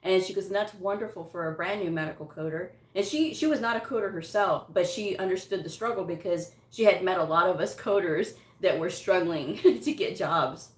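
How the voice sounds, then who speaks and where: A woman's voice: on the low side, brisk, few pauses. Chatty woman telling a story, echoey room. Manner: chatty, laughs often, quotes people as she tells it. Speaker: medical coding vlogger. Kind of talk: casual storytelling.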